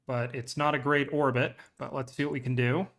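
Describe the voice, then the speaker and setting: A man's voice: mid-range voice, flat delivery, a little fast, fairly bright tone. A young man casually commentating his gameplay live, chatting to viewers and cheering on his rocket aloud. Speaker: game streamer.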